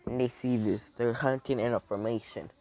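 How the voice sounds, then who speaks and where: A man's voice: mid-range voice, fairly even intonation, fairly quick, gravelly, warm tone. A man improvising a fan story aloud, rambling, with frequent restarts and self-corrections.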